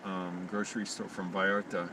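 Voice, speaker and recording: A man's voice: deep voice, little pitch movement, normal speed, distant mic, very noisy. A man live-streaming from his car at night, rambling casually with lots of fillers and swearing. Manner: rambling, swears freely, many fillers and restarts. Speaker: vlogger livestreaming. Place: in or near a parked car by a park at night.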